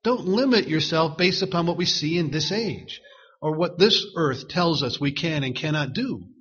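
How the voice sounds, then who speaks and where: Husky preacher man, muffled recording. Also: on the high side, lively intonation, fairly bright tone. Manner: earnest, reads commentary quotes slowly. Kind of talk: sermon.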